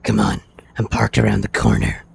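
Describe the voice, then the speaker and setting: A man voicing a gruff, cigar-smoking male Nosferatu vampire with a deep, gravelly voice in a played-through game. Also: big pitch swings, moderate pace, darkish tone, a little hiss or hum, exaggerated voice.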